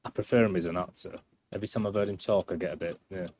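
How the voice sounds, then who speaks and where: A man's voice: low voice, fairly even intonation, rapid-fire, a little mellow, a little hiss or hum. A man doing casual gameplay commentary on a live stream, rambling and self-deprecating as he chats.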